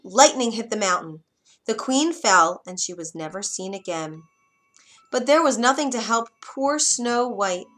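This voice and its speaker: A woman reading a fairy tale aloud in an expressive, dramatic storybook manner. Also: a little high.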